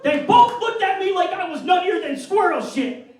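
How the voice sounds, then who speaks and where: A man's voice: very high voice, expressive, normal speed, distant mic. A man from upstate New York doing a brash, bawdy stand-up set on a club stage. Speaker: stand-up comedian. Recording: echoey club mic'd from afar.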